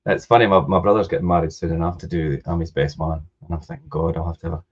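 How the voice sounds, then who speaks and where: A man with a Scottish accent co-hosting a casual podcast chat, talking in a relaxed, agreeable way with long, rambling sentences. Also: low voice, rapid-fire, slightly rough, lo-fi sound. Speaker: co-host.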